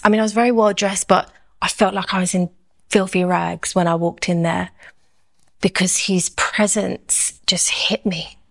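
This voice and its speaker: A woman giving a personal faith testimony. She tells it expressively and acts out her own inner thoughts as she goes. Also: on the low side.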